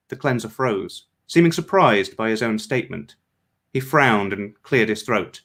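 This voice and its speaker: A male author reading his fiction aloud in a steady, measured way. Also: fairly low pitch.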